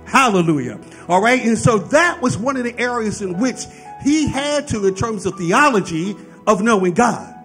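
A male pastor delivers a sermon in a high, strongly swinging voice that climbs into fervent peaks. He teaches plainly and keeps checking in with his listeners. Soft music sits faintly behind him. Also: lively intonation, normal speed. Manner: preaching with rising fervor, frequent "right?" asides.

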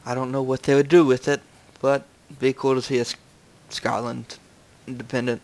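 A young man chatting casually as a co-player in a game session, easygoing and playful with deadpan jokes. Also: mid-range voice, brisk. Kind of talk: casual gaming chat.

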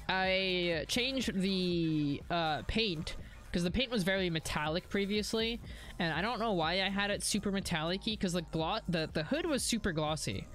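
A young woman live-streaming a driving game, chatting casually, swearing freely and answering chat messages. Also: fairly low pitch.

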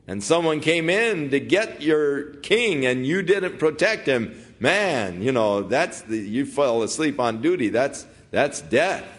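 A man's voice: mid-range voice, sing-song, slow pace, few pauses, fairly bright tone, slightly rough. A man preaching an expository sermon in a conversational, folksy way. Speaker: pastor.

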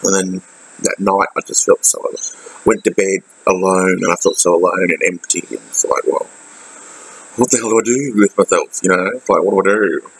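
An Australian man speaks in a personal video diary, his delivery halting and full of fillers and restarts. His voice is very deep, with a husky edge. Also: low-quality recording. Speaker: vlogger.

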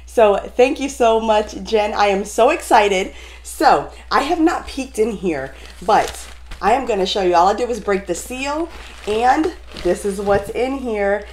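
Woman beauty vlogger, casual unboxing chat, gushing and excitable. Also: mid-range voice, a little slow, a little hiss or hum. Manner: gushing, excitable, talks straight to viewers.

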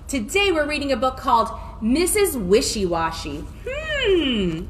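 A woman's voice: on the high side, huge pitch swings, slow, a little hiss or hum. A young woman teaching a music and movement class for small children, reading a story and singing in a playful, exaggerated way with lots of gasps. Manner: sing-song, gasping, playful and exaggerated.

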